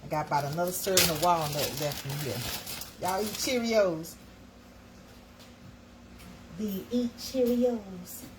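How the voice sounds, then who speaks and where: A woman's voice: lowish voice, a little slow, pauses often, background noise. A woman hosting a casual livestream, chatting folksily with her viewers while she makes breakfast. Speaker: livestream host.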